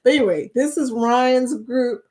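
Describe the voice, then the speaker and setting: A middle-aged woman with a drawl hosts a relaxed livestream chat and reads out what viewers write. She talks at an unhurried, slow pace and keeps dissolving into giggles between phrases. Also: fairly high pitch. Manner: giggly, keeps breaking into laughter; reads viewer comments aloud. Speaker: host of a creator chat stream.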